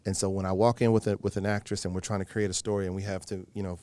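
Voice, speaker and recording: Fast-talking low-voiced man. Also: clear, resonant tone, dry recording. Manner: animated storyteller, acts out quoted exchanges; frequent fillers and restarts. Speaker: actor, interview guest. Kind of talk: casual interview talk.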